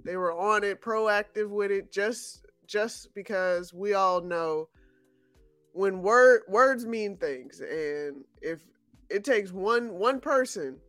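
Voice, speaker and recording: A podcast co-host in casual chat, answering with short affirmations and relaxed, drawn-out remarks. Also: medium pitch, no room sound, soft background music.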